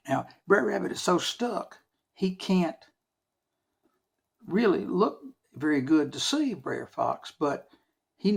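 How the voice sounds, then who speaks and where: Male storyteller, lively and dramatic, gravelly voice sitting a bit high. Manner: lively, dramatic, with shouted sound effects and slow hushed stretches. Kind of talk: folk tale storytelling for children.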